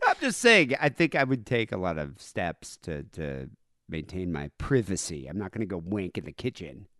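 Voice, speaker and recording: An American man co-hosting a crude comedy podcast, joking and animated, dropping "like" often. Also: sits low, moderate pace, no room sound, studio quality. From United States. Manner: animated, jokey, says "like" often. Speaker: podcast co-host.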